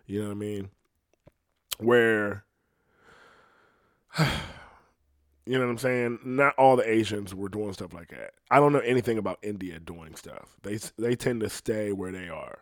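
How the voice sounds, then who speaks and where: A man's voice: medium pitch, no room sound. Rambling, profane American man, dry sound. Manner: rambling, profane, laughs often. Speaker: podcast host. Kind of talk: casual chat.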